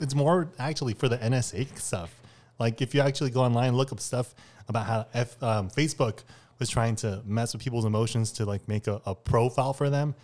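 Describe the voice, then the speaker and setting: A man's voice: medium pitch, a little mellow. A man in a casual group chat, rambling through an explanation with fillers like um and like.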